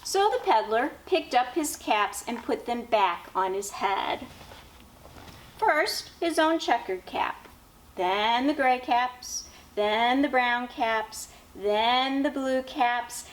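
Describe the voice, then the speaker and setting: A woman teacher reading a children's picture book aloud with expressive, drawn-out storytelling, asking questions of young listeners. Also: on the high side, slight background noise. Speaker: teacher and education dean.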